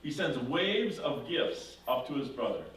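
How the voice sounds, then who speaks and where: A man's voice: a little high, unhurried. A man teaches a confirmation class, retelling a story with animation and breaking into character voices. He is recorded from a distance in a strongly reverberant room. A faint hiss sits underneath. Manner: animated retelling, acting out characters, self-correcting. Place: church classroom. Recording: echoey room from far off with faint noise.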